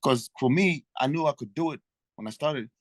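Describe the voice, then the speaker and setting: A man's voice: on the high side, normal speed, no room sound. Laid-back swearing male comedian. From Africa. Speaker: guest comedian. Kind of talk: casual chat.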